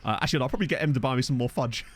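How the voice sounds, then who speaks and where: A man's voice: medium pitch, lively intonation, very fast, faint music behind. A man chatting casually on a game live stream, rambling and joking while he reads out messages from his chat. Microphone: desk microphone.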